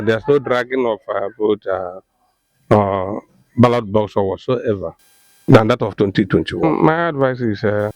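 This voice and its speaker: A man's voice: medium pitch, a little mellow, no room sound, low-quality recording. A man with a Nigerian accent giving his views on voting in an interview, hesitant with many fillers.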